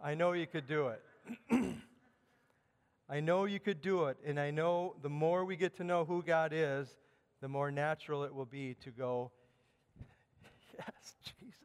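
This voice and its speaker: Midwestern man, preacher, fairly high, smooth resonant voice, long church reverb. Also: steady tone, moderate pace. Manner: preaching, rising loud on quoted scripture. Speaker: pastor. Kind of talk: sermon. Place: church sanctuary.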